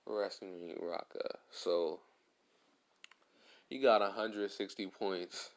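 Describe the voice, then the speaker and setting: A man's voice: low voice, steady tone, slow. Rambling man telling a fan story. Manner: rambling, slangy, full of "like" and restarts. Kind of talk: casual fan story narration.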